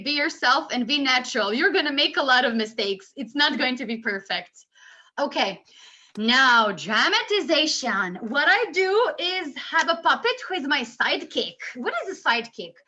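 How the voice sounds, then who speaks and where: A woman presenting a teaching webinar for tutors, energetic and demonstrating children's songs as she explains. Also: high-pitched. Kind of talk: lively teaching demo with singing.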